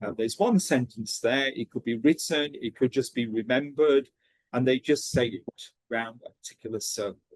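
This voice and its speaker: A man leads an online teacher-training lesson in a lively manner, frequently checking in with "okay" as he explains. His mid-range voice moves at normal speed on a dry recording.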